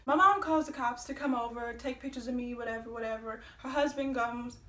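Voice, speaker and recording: A young woman telling a personal story on her vlog, animated and profane, acting out the quotes. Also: fairly high pitch, fast, roomy sound, recorded from a distance. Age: young adult. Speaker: vlogger.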